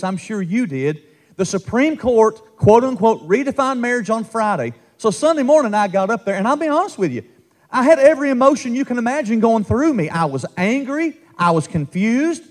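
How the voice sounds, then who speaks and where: A man preaching a revival sermon, impassioned and calling out to the congregation. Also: sits high. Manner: impassioned, call-and-response preaching with rising shouts.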